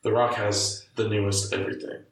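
A man's voice: on the low side, level tone, a little fast, fairly bright tone. Goofy young man, echoey distant podcast. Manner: goofy, laughs often. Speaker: podcast co-host. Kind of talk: casual podcast banter. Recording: echoey room, mic at a distance.

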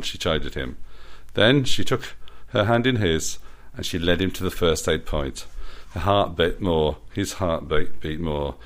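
Male storyteller, very low pitch, playful self-amused reading. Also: expressive, normal speed. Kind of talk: reading his own story aloud.

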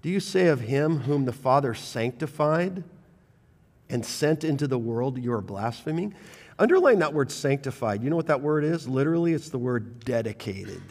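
A man preaching a sermon as pastor, reading scripture and swinging between loud bursts and quiet intensity. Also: medium pitch, lively intonation, normal speed, long reverb tail. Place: church sanctuary.

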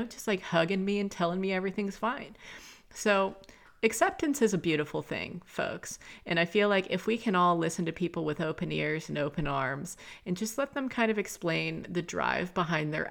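A woman's voice: sits low, gravelly, fairly bright tone. A young woman hosting a casual solo podcast, talking candidly and confessionally with lots of fillers like "like" and "you know.". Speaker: podcast host.

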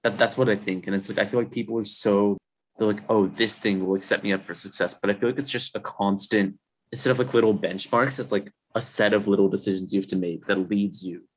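A young man with a somewhat low, husky voice rambles easily as a podcast guest. He is relaxed and loose, and he fills his sentences with "like". He talks over a video call from his dorm room. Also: fast talker. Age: young adult. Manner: relaxed, rambling, heavy use of "like". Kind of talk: casual chat.

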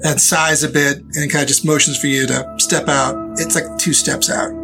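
A man's voice: on the high side, level tone, moderate pace, creaky, music in the background. A man running a tabletop game as game master, narrating in a rambling way with many restarts.

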